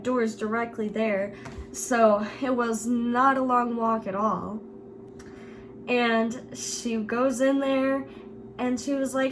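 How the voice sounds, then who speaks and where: A woman's voice: high voice, a little hiss or hum. A young woman vlogger casually telling a school story, chatty and laughing often. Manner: giggly, laughs through the story; chatty with frequent "like" fillers.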